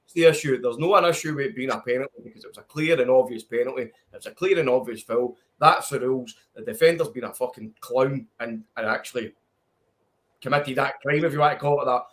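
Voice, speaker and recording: A man's voice: medium pitch, quick pace, a bit bright. A man with a Scottish accent, ranting heatedly about football in casual podcast chat, swearing freely. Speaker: podcast co-host.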